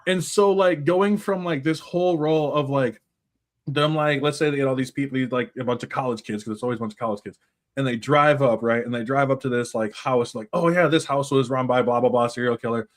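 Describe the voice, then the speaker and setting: A man chatting casually on a podcast, rambling and animated with plenty of filler words and swearing. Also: mid-range voice, brisk. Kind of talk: casual chat.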